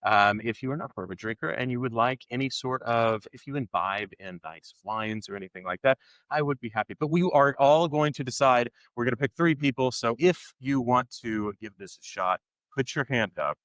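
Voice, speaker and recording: A man's voice: mid-range voice, a little fast, a bit bright, no echo. A man hosting a podcast live at a conference, joking and upbeat as he leads the audience. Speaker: podcast host. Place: conference session room.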